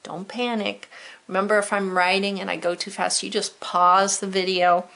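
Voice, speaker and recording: Gravelly-voiced woman teaching kids. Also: medium pitch, level tone, fairly bright tone. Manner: encouraging, speaks slowly and clearly while writing. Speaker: homeschool teacher. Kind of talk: friendly video lesson for children.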